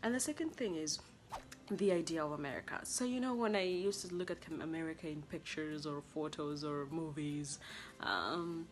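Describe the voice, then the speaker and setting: A young woman from Kenya with a Kenyan accent, a college student chatting to camera in a lively way about life abroad. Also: sits low, normal speed, slight background noise. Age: young adult. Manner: chatty and expressive, acting out past conversations. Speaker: international college student vlogger. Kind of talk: casual vlog talk to camera.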